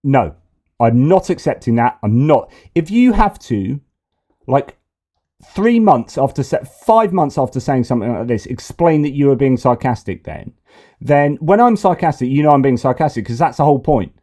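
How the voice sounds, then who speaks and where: A man's voice: mid-range voice, sing-song, normal speed, dark tone. Exasperated man commenting on news. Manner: exasperated, sarcastic, repeats himself. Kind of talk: political commentary.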